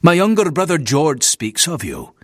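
A male narrator puts on a nervous Scottish minister of the old school, fussing and disapproving as he talks. His delivery swings up and down with lively inflection. The sound is dry and close. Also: on the high side, normal speed, no echo, pitched above the performer's own voice. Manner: stiff, complaining, scornful of his brother.

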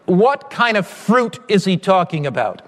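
A man preaching a sermon with impassioned appeals, often rising to shouting. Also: sits high, very animated, a little slow, long reverb tail.

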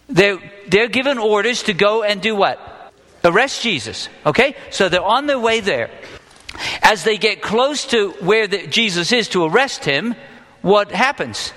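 A man's voice: high voice, expressive, measured pace, pushed and bright. A man preaching a sermon to a live congregation in a conversational way, often asking them questions. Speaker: pastor. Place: church hall with live congregation. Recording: long hall reverb.

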